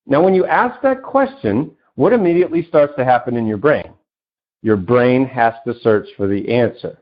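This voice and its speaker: A man's voice: expressive, normal speed. A man being interviewed as a self-help coach, talking with enthusiasm and acting out little dialogues. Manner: enthusiastic, acts out dialogue with big pitch jumps. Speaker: self-help author and coach, podcast guest. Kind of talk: animated interview talk. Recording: dull lo-fi audio.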